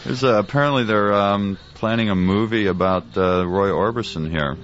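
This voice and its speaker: A man's voice: fairly low pitch, normal speed, fairly bright tone, dull audio, faint music behind. A man co-hosting a radio show, chatting in a laid-back way and chuckling along. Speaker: radio co-host. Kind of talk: casual radio chat.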